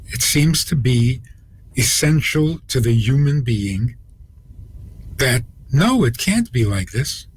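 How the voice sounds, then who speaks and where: A man, a rabbi, telling a story on a radio program, with deliberate pauses and acted-out quotes. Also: mid-range voice, animated, slight background noise.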